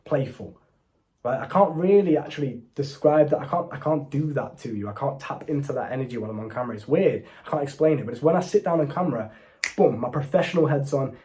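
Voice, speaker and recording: Slangy young man, mellow voice. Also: medium pitch. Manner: casual slangy and blunt, addresses viewer as bro. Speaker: dating coach. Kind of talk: direct-to-camera advice talk. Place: indoors, seated before a camera.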